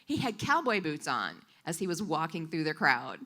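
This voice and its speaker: A woman interpreting for a storyteller, voicing a live story at a coffee shop event in an animated, expressive way. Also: sits low, normal speed.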